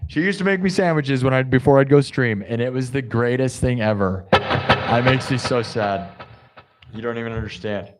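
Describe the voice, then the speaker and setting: A man hosting a live music stream, joking and rambling casually, now and then breaking into loud shouts. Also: mid-range voice, a little hiss or hum.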